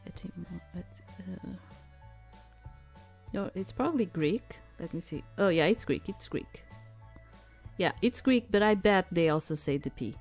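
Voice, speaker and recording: A woman who is not a native English speaker, reading a dating game aloud and chatting in rambling asides as she thinks out loud. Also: on the low side, expressive, unhurried, pauses often, soft background music. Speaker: game streamer. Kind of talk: reading a visual novel aloud with side commentary.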